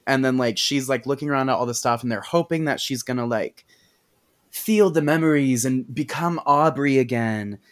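A woman's voice: extremely low pitch, normal speed. A young woman casually retelling a movie plot as a podcast guest, chatty and giggly, acting out the characters' lines. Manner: chatty, giggly, acts out quotes in voices.

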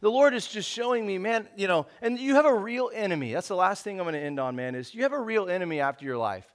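A man's voice: high voice, fairly bright tone. A man, preaching a casual sermon in a conversational, laid-back way, often saying "man.". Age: 30s. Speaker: pastor.

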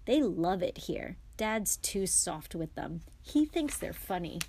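A woman's voice: lowish voice, very animated, takes it slowly, mellow, a little hiss or hum, heavily acted. A woman voicing a friendly teenage boy who explains things plainly in a storybook reading. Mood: matter-of-fact.

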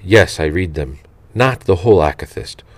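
Male reader, very deep and dry, slow and reverent, for devotional audiobook narration. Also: lively intonation, no echo. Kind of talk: reading a saint's life aloud.

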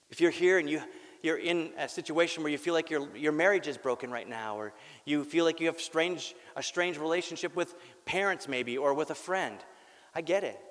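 An earnest male pastor preaching a sermon in a slightly high voice. He talks candidly, repeats words and slips in wry jokes. His voice rings with the long reverb of a big hall. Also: moderate pace. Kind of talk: sermon with personal story.

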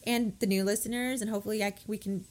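A woman co-hosting a casual podcast, soft-spoken and hesitant, filling pauses with "um" and giggling often. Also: medium pitch, fairly even intonation. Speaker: new podcast co-host.

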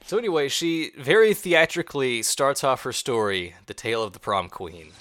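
A man co-hosting a podcast, sarcastic and animated, swearing and mocking an episode in casual chat. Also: medium pitch, normal speed, no echo, studio quality. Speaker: podcast co-host.

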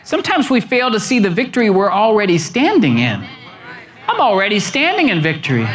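A man preaching a sermon as pastor, animated, with wide swings in pitch and emphatic questions. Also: a little fast, a crowd in the background.

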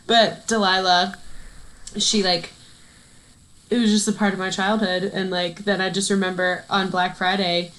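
A young woman chatting as co-host of a laid-back podcast, playful and quick to laugh or sing a line. There is a faint hiss of ambient noise behind her. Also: medium pitch, level tone, fairly bright tone, rough recording. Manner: playful, laughs often, breaks into sung lines. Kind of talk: casual chat.

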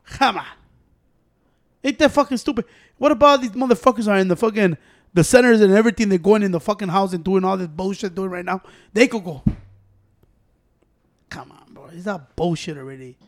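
A man's voice: high voice, fairly quick, long pauses. A man, trading crude, mocking banter with friends and slipping into Spanish. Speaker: friend in group chat. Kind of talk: casual profane banter.

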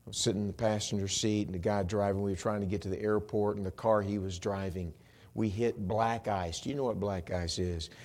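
A man preaching a sermon with animated storytelling, swinging between loud bursts and hushed moments and dropping in humorous asides. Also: lowish voice, a little fast. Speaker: pastor.

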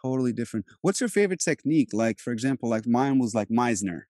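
A man's voice: medium pitch, animated, fast, mellow, no room sound, clean studio sound. A man raised in Europe, an actor, talking in a loose, rambling casual conversation with many restarts. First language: Turkish. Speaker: actor and host.

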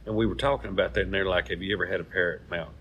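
A man's voice: deep voice, steady tone, racing, a bit bright, a little hiss or hum. A man, co-hosting a casual chat and telling jokes in a folksy way. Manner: folksy storyteller. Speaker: co-host.

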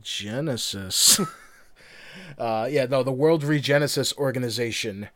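A man's voice: medium pitch, moderate pace, no room sound. A man co-hosting a podcast in casual chat, rambling, laughing often and swearing casually. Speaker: podcast co-host.

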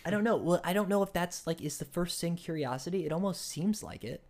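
This young man talks fast in a high-sitting voice while co-hosting a relaxed podcast. He rambles through a book's plot with lots of fillers and false starts, warming up with excitement once he starts debating ideas.

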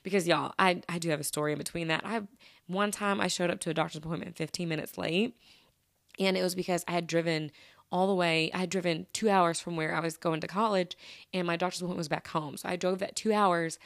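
A woman's voice: fairly low pitch, fairly even intonation, fast talker, no room sound. Chatty woman podcast host, dry close sound. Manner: chatty, with many fillers and restarts. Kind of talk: casual storytelling monologue.

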